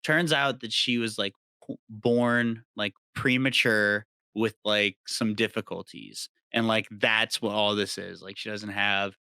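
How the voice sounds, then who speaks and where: A man's voice: fairly low pitch, steady tone, unhurried, pushed and bright, smooth, dry recording. A young man co-hosting a podcast, telling stories in casual, profane, exasperated chat. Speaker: podcast co-host.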